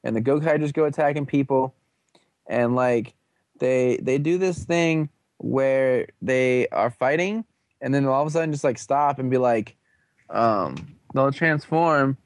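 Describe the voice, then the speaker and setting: Young man, playful fan recap, rambling, slangy, middle pitch, dry sound. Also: unhurried, no room sound. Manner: playful, full of "like" and slangy asides, breaks into goofy quoted voices.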